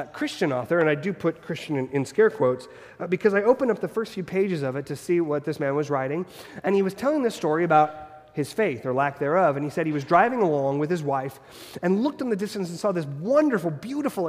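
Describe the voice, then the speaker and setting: A man's voice: a little high, big-room sound. A man preaching a sermon as pastor, earnest and fond of repeated rhetorical questions.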